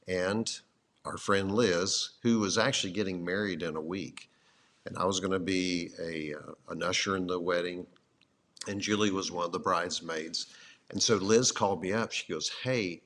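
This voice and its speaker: Deep-voiced man, wry and easygoing. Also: a bit bright. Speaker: guest telling his side of the story. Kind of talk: relaxed personal storytelling.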